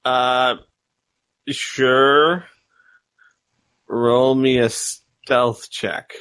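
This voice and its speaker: A man running a tabletop game as game master, describing scenes in a halting way with many fillers. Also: mid-range voice, fairly even intonation, fairly bright tone, clear, resonant tone, dry recording.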